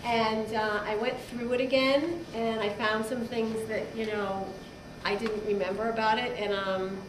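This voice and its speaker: A middle-aged woman giving an informal birthday toast to her father, halting and giggling, with many fillers. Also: a little high, steady tone. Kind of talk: informal party speech. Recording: echoey hall, far mic, loud crowd noise.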